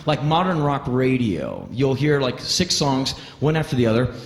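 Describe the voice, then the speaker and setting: Husky, intense American man on stage. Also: mid-range voice, big pitch swings, moderate pace. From Washington, D.C., United States. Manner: intense, profane, bursts into shouting. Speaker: spoken-word performer. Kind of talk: stand-up spoken-word monologue.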